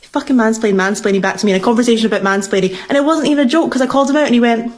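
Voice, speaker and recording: A woman's voice: fairly high pitch, rapid-fire. A woman engineer telling a dating story to camera, emphatic and exasperated, with some swearing.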